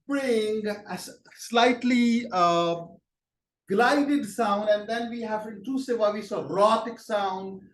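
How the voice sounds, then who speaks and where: A man lecturing on linguistics to a class, speaking in a slow, halting way, often praising the students and pausing with fillers. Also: very high-pitched. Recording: echoey room, distant from the mic, faint background noise.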